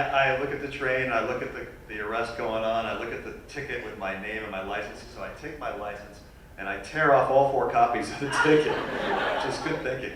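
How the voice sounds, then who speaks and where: A man telling a funny personal story as a guest speaker at a university lecture, animated and self-deprecating. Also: mid-range voice, noisy background. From New York. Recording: echoey hall recorded from far off.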